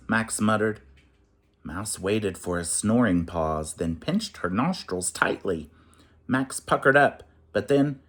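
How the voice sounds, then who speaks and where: A man reading a rhyming children's picture book aloud in an expressive, sing-song way. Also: on the low side, slow pace.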